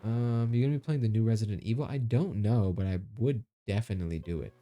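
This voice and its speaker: Guy in his 30s streaming, low warm voice, joking around with chat, faint music behind. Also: quick pace. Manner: joking, reads chat aloud, laughs often. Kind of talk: casual live-stream chat.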